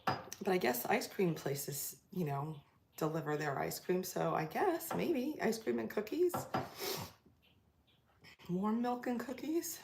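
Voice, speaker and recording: A woman's voice: mid-range voice, animated, slow pace, gravelly, pauses often, background noise. A woman chatting casually with live viewers, rambling and chatty with lots of fillers, trailing off, and laughing easily. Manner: laughs easily while telling stories.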